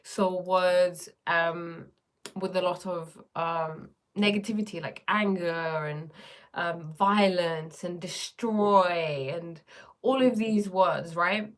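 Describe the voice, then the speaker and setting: A woman's voice: lowish voice, takes it slowly. A woman chatting casually on a livestream, rambling with many fillers and reading viewer comments aloud. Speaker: livestream host.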